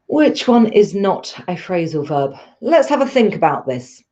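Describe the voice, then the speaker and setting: A woman's voice: fairly low pitch, very animated, moderate pace, hardly any pauses, mellow, lo-fi sound. A woman teaching a live online English lesson, patient and encouraging as she explains step by step.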